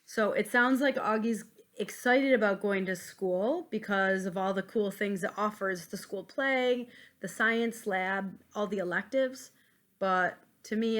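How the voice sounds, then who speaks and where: A woman reading a children's novel aloud at home, pausing to comment gently for young listeners. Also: mid-range voice, steady tone. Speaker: reader. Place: at home, with a pet dog nearby.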